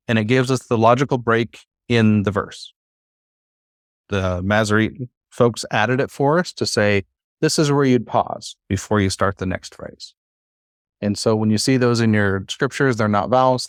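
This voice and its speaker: A man with a low voice teaches a classroom lesson. He talks in a relaxed, halting way, full of "uh" and restarted sentences. The sound is dry and close. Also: dry recording. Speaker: Bible Hebrew teacher.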